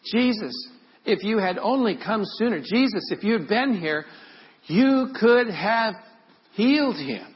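A man's voice: sits high, animated, measured pace, muffled recording, pitched above the performer's own voice. A male pastor voicing a grieving woman who reproaches a friend for coming too late. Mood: pleading. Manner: pleading, reproachful.

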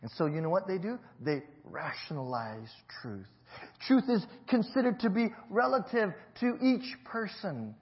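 A man preaching a sermon as pastor, telling a Bible story with loud emphatic peaks and quiet low passages. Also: animated, a little slow, lo-fi sound.

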